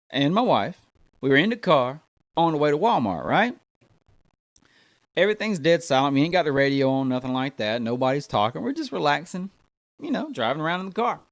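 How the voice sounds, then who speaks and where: American guy doing stand-up, high voice that jumps all over, dry close sound, keeps going "man" and "right". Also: no room sound. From United States. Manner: animated, talks to the crowd, fills lines with man and right. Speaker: stand-up comedian. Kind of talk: stand-up comedy routine.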